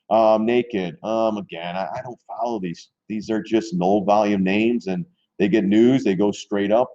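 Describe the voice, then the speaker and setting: A man with a low, mellow voice rambles candidly through stock charts on a live stream, blunt and quick to swear, clearing his throat now and then. The sound is dry and dull, like lo-fi stream audio. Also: dry recording.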